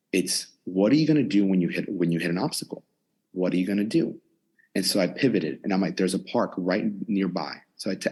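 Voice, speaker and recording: A man's voice: sits low, husky. A man in his twenties, a gym owner and personal trainer, telling his story in a casual interview and acting out what he and others said. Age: 20s. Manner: animated storyteller, quotes himself and others. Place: his gym in a converted storage unit.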